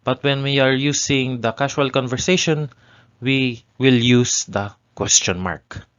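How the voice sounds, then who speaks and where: A man teaching a language lesson, explaining grammar step by step and repeating each example phrase slowly. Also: mid-range voice, a bit bright, clean tone, muffled recording.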